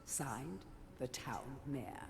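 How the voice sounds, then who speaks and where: A man voicing a game narrator who reads old letters and books aloud in a measured, formal way. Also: mid-range voice, animated, creaky, over music, exaggerated voice. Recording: game audio with long hall reverb.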